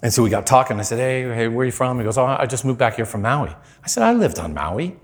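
Animated male preacher telling stories. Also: quick pace. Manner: animated storyteller, voice jumps high when quoting people. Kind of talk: sermon with storytelling. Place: church.

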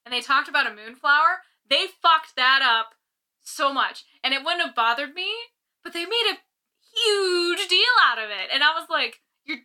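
A high-voiced woman with a piercing, bright tone, talking casually on a podcast. She rants with plenty of swearing and keeps laughing between points. The sound is homemade and a little uneven. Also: lively intonation, moderate pace. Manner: ranting, swearing, laughing often. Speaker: podcast co-host. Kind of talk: casual chat.

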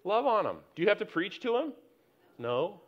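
A middle-aged male pastor delivering a sermon in a loose, storytelling way, stopping and restarting, then pressing his points with rising force. His voice sits a bit high for a man. The sound is slightly dull and lo-fi. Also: very animated, normal speed. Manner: conversational, anecdotal preaching with many restarts and rising emphasis.

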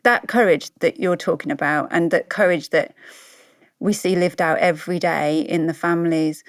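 A woman's voice: fairly low pitch, steady tone, normal speed, no room sound, studio quality. Sniffly, rambling woman co-host. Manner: warm-hearted, rambling, self-deprecating. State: sniffly, stuffy nose. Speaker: podcast co-host. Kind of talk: reflective interview talk.

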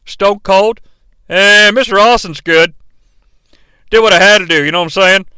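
A man's voice: sits high, moderate pace, pushed and bright, clear, resonant tone, no room sound. A man putting on the voice of a brash, profane wrestler acting as guest referee, taunting and bragging. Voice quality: brash drawling swagger.

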